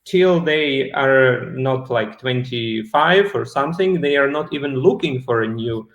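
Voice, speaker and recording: A man in a middle register hosts a relaxed interview, putting his questions thoughtfully and stopping now and then to search for words. His voice carries a noticeable roomy echo. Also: medium pitch, measured pace, gravelly. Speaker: interview host and harpist. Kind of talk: casual interview conversation.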